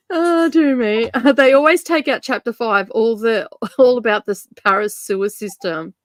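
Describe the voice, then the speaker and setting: A woman's voice: fairly high pitch, normal speed, no echo. A woman hosting a casual reading stream, chatting in a rambling, sarcastic way and laughing often. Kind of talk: casual chat.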